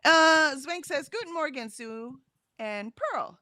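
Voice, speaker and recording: Female stream co-host, chatty, reads comments aloud; animated, bright delivery. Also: high-pitched, slow pace, no echo, studio quality. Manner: reads chat comments aloud, chatty, laughs often, trails off. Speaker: livestream co-host reading chat. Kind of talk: casual livestream chat.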